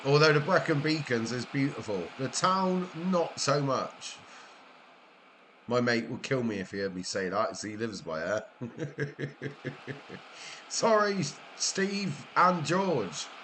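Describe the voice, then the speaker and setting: A middle-aged Welsh man chatting and joking with viewers during a live-streamed game, with a relaxed, teasing manner. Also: medium pitch, takes it slowly, slight background noise. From Wales. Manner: chatty, jokey banter with viewers, frequent laughs. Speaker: gaming streamer. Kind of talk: casual live-stream chat while gaming.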